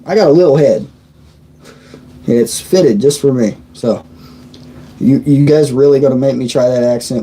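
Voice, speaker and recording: A man's voice: medium pitch, moderate pace, pauses often, mellow, a little hiss or hum, poor audio. A man, hosting a casual live stream, joking and laughing as he answers chat comments. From Indiana, USA. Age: 30s. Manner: chatty and joking, laughs often, stumbles and restarts.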